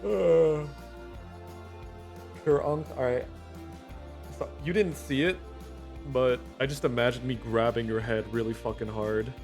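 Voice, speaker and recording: A man's voice: mid-range voice, fairly even intonation, a little slow, gravelly, pauses often, a little mellow, faint music behind. A man chatting casually on a livestream. He rambles, swears and laughs often. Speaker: streamer.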